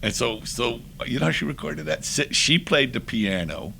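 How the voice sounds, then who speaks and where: Older male guest, gravelly bright voice, swooping lively delivery, acts out every quote. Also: medium pitch, moderate pace, slight background noise. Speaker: podcast guest. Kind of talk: anecdotal storytelling.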